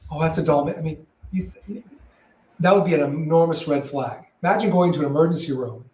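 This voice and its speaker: A man talks calmly and plainly about his work, often circling back in short repeated phrases. His voice sits slightly high. He sounds a little away from the mic, in a roomy, echoey space. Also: a little fast, far from the mic. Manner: calm, matter-of-fact, repeats himself in short phrases. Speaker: probate real estate broker, guest. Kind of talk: conversational interview. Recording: roomy echo, voice a bit off-mic.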